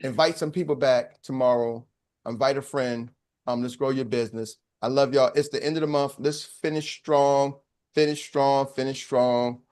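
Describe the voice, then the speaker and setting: A man hosting a live morning sales call as coach, energetic and joking, talking loosely into a real microphone on a video call. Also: medium pitch, moderate pace. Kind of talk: casual hype talk on a live video call.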